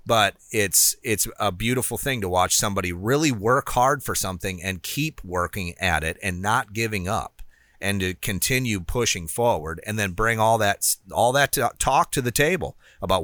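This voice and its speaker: A man's voice: lowish voice, animated, normal speed, a bit bright, no echo, clean studio sound. A man co-hosting a podcast, talking earnestly in casual chat. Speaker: podcast co-host.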